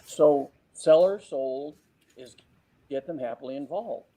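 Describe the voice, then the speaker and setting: A man with a mellow, dark-toned voice shares sales tips in an interview. He talks lively and breaks into little acted-out client exchanges. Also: on the high side, slow, low-quality recording. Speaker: real estate sales trainer. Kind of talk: interview advice.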